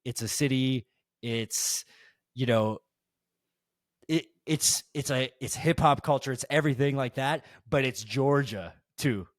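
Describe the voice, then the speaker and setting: A man's voice: medium pitch, a little slow, dry recording. Give me a man chatting on a podcast, telling a rambling story with lots of fillers, recorded dry. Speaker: podcast guest. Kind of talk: casual podcast chat.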